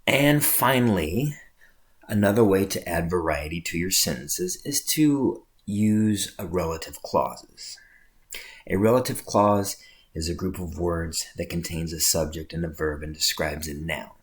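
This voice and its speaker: A man with a very low voice gives a recorded writing lecture. He explains each example patiently and keeps checking in with his listeners. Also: unhurried. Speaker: English teacher.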